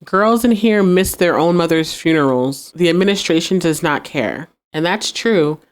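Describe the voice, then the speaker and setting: A podcast host, a young woman with a slightly low voice, recaps a TV episode in a casual, animated way at normal speed. She laughs easily and acts out the characters' lines as she goes.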